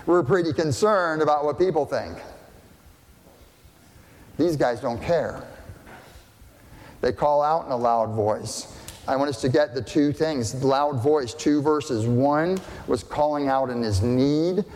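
A man preaching a sermon as pastor, deliberate and questioning, often checking that listeners follow. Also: a little high, a little mellow. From family partly German and partly English. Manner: slow, deliberate, asks the congregation questions. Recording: long hall reverb.

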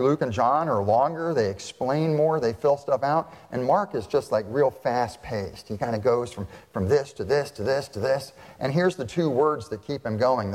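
Chatty pastor in a reverberant church. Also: male voice, medium pitch, darkish tone. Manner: chatty, asks the congregation questions. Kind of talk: conversational sermon. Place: church sanctuary. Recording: long church hall reverb.

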